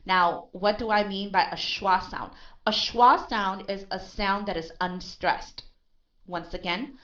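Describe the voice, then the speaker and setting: A woman's voice: medium pitch, fairly bright tone. A woman tutoring English pronunciation one-on-one, patiently drilling sounds and repeating words. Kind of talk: one-on-one accent coaching. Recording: dull lo-fi recording.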